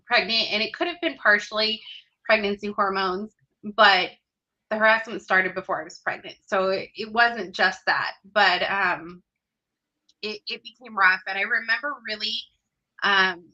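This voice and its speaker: A woman in her thirties shares her own story as a podcast guest, earnest and heartfelt, with small hesitations. Her voice is bright and clear-edged, and the recording sounds dull and lo-fi. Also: medium pitch. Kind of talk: personal storytelling in conversation.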